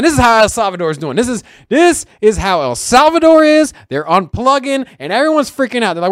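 Animated high-voiced man telling a story. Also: fairly quick, few pauses, no room sound, clean studio sound. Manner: animated storyteller, acts out other people's lines. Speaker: podcast co-host. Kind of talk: casual chat.

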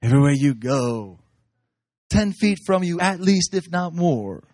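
Excitable preacher man, slightly high voice. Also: a little slow, dry recording. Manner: excited, laughing while telling stories. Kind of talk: animated sermon storytelling.

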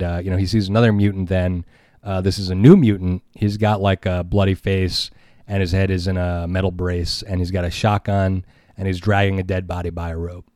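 Low-voiced man, casual film recap. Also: mellow, dry recording, clean studio sound. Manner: rambling, filler-heavy storytelling. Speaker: podcast host.

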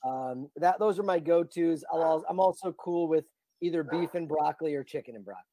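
A man's voice: a little high, a little fast, warm tone, dry recording. A man co-hosting a podcast, rambling with enthusiasm in casual chat. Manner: enthusiastic, rambling food talk. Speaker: podcast co-host.

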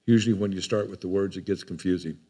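A man's voice: low-pitched, fairly even intonation, quick pace, warm tone, husky. An older man preaching a sermon in a folksy, rambling way, often repeating his words.

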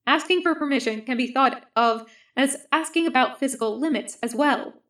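A woman reading the lines of a calm, stern male army medic who speaks formally, without contractions. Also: sits high, moderate pace.

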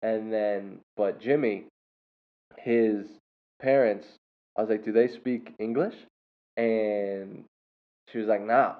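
A man's voice: fairly low pitch, steady tone, slow, pauses often. A man hosting a show and telling a story in a casual, rambling way, with many fillers and self-corrections. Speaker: podcast host and English teacher. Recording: tinny phone-like sound.

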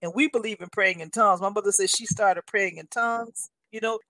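Her mid-range voice bright and a little fast, a woman in her sixties tells her personal faith testimony as a guest, recorded with no room sound. She speaks earnestly and storytells, frequently passing on what others said.

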